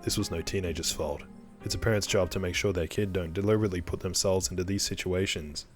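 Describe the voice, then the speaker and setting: A man's voice: low voice, steady tone, quick pace, faint music behind, natural voice. A man playing a guilt-ridden father. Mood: remorseful. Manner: pleading, earnest. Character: worried middle-aged father, guilt-ridden.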